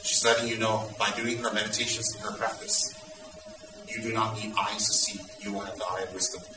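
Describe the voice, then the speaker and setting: A man teaching Buddhist students in an intense, dramatic way, at times breaking into loud exclamations. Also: on the low side, flat delivery, fairly quick, reverberant, recorded from a distance, background noise.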